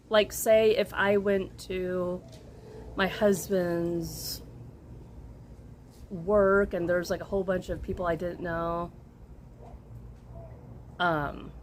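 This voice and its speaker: A woman's voice: medium pitch, a little hiss or hum. A woman chatting casually as she answers a list of questions, rambling, chuckling and trailing off as she goes. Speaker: crochet vlogger answering a tag questionnaire. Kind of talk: casual chat.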